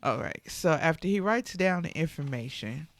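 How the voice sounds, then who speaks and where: A woman's voice: deep voice, expressive, normal speed, no echo. A woman casually retelling a film's plot in her own words, chatty and full of fillers. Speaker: channel host. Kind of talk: casual movie recap.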